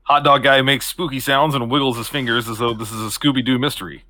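A man's voice: mid-range voice, steady tone, quick pace, bright, forceful tone. A man co-hosting a comedy podcast, reading the scene narration of a sketch in a dry stage-direction manner. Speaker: podcast co-host.

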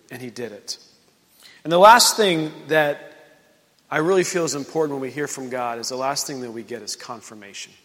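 A man pastor preaching at a midweek prayer service, retelling a Bible story in lively fashion and acting out its dialogue. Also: mid-range voice, big-room sound.

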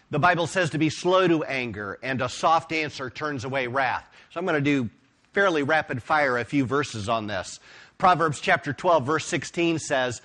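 A pastor preaching a sermon, retelling stories with emphatic, expressive delivery. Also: male voice, on the high side.

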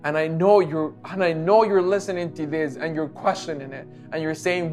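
A man's voice: on the high side, steady tone, normal speed, hardly any pauses, darkish tone, faint music behind. A man preaching a sermon with an altar call, impassioned and pleading, with repeated phrases.

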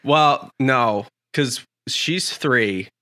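A man running a casual podcast who needles his co-hosts with teasing, mock-stern questions. His voice is bright and forceful, close and dry on the mic. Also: medium pitch, extremely slow, dry recording. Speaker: podcast host. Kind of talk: casual chat.

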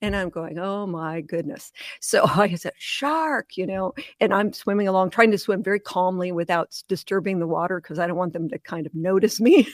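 Interview guest, woman, animated storyteller who laughs easily, dry close recording. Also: on the low side, brisk, dry recording. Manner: animated storyteller, laughs often, acts out voices. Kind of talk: storytelling in casual conversation.

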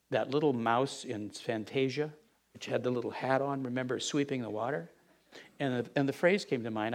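A man's voice: fairly high pitch, creaky. A middle-aged man, a pastor, telling a candid confessional story in a sermon.

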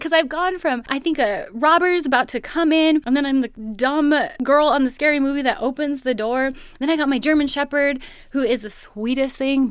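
Lively woman telling a story, dry sound. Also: high voice, no echo. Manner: animated, laughs often. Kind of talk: casual storytelling monologue.

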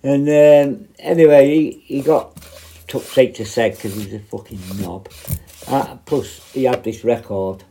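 A man's voice: medium pitch, fairly even intonation, unhurried, warm tone, slight background noise. A man with a British accent, a former prison officer, telling a rambling, heavily profane anecdote in a blunt, casual way.

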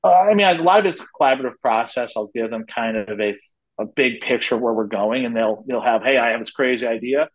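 A man's voice: medium pitch, fairly quick, highs cut off. A man in his forties, head of a wrestling company, answering interview questions in a talkative, storytelling way with frequent restarts. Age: 40s.

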